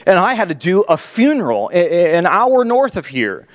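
A man in his thirties preaching a sermon as a pastor, an animated, self-mocking storyteller. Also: sits high, moderate pace. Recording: long reverb of a large hall.

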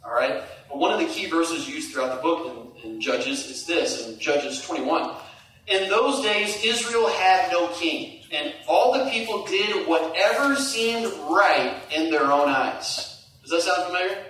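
A middle-aged man preaching a sermon, animated, climbing to high emphatic peaks and dropping to hushed asides. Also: unhurried. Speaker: pastor. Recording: echoey hall, distant mic.

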